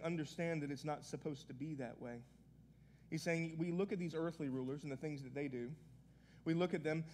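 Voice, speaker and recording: Earnest pastor, slightly high voice. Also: male voice, a little hiss or hum. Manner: earnest, conversational preaching with frequent restarts. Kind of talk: sermon.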